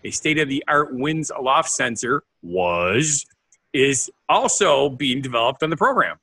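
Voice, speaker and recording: A man co-hosting a podcast, explaining things in a casual chat and sometimes reading out facts, now and then pausing to search for words. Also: medium pitch, expressive, bright, forceful tone, husky. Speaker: podcast co-host.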